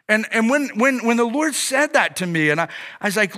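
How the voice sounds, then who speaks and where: A young man delivers an earnest sermon in a high, bright voice. He stumbles and restarts often as he tells his own story, and he acts out his talks with God in quoted dialogue. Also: lively intonation. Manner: earnest, halting storytelling with many restarts and fillers. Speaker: pastor.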